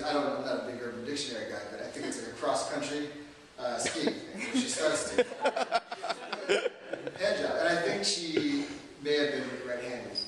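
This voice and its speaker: A man's voice: mid-range voice, fairly bright tone. A man telling a comic story to an audience, rambling and self-deprecating, with lots of fillers. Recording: echoey hall, distant mic.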